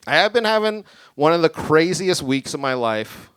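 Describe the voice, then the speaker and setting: A young man doing a stand-up set in a small venue, rambling and deadpan, a bit tipsy. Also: a little high, moderate pace, clean tone, no room sound. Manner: deadpan, rambling, self-deprecating. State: tipsy from drinking. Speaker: stand-up comic. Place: small creative community venue with live audience.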